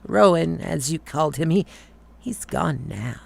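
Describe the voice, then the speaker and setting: A man voicing a menacing demonic changeling boy with a slow, taunting, gravelly drawl. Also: on the high side, expressive, heavily acted.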